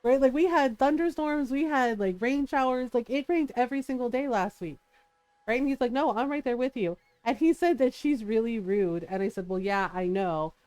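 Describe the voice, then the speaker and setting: A middle-aged woman streamer chatting casually, telling an animated story with frequent laughs and quoted voices. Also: on the high side, normal speed, clear, resonant tone, no room sound, faint music behind. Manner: animated, laughing often, quoting others in shifting voices.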